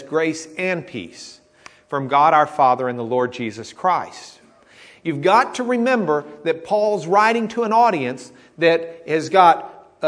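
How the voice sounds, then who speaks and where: A man preaching a conversational teaching sermon, checking in with the congregation as he explains. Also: on the high side. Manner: conversational teaching, with frequent "okay?" checks and restarts. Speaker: pastor. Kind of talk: sermon, teaching Bible study.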